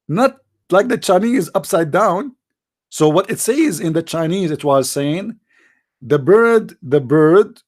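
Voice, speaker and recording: An actor playing a boastful, rambling mock preacher with an Arabic accent, in a satirical livestream monologue. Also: male voice, high-pitched, a little mellow. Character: mock-pompous self-styled male preacher, middle-aged.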